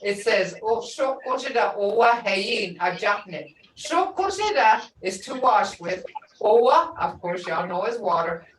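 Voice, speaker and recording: With a medium-pitched, sing-song voice, an older woman teaches a language class at a relaxed, storytelling pace, frequently dissolving into laughter. The room echoes, she sounds somewhat distant, and a faint hiss runs underneath.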